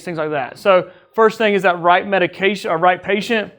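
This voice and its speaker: A man with a fairly high voice gives an easygoing training talk to his crew. He keeps it conversational and teasing, often tossing in a quick "right?" to check they are following. He sounds like a training officer talking with colleagues, not reading a script. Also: fairly even intonation, a bit bright. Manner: jokes with the crew. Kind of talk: casual training lecture.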